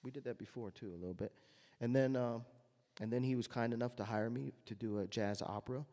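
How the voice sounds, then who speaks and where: A man's voice: medium pitch, a little fast, long reverb tail. A man, a jazz trumpeter, telling anecdotes to an audience and acting out the voices he quotes. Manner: storytelling, acts out quoted voices loudly.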